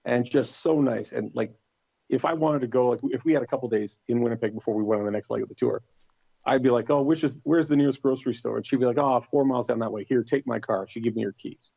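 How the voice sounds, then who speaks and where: A middle-aged man guesting on a podcast tells a story casually and fast, his medium-pitched voice carrying vocal fry and a breathy edge. He animatedly performs the others' quoted lines in livelier voices. The recording is dry, with highs cut off.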